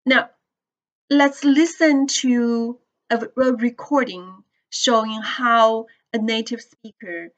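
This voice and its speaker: A woman teaching English pronunciation to a class, explaining slowly and checking in with students as she goes. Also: fairly high pitch, fairly bright tone, dull audio. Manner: slow, deliberate explaining with questions to the class. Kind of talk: classroom lecture.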